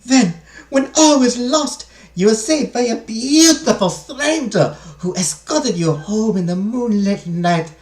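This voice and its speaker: A streamer voicing an eager, chatty household servant with a mock French accent that comes out sounding German, in a high, sing-song voice. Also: takes it slowly. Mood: gushing. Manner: gushing, speeds up with excitement. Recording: roomy echo.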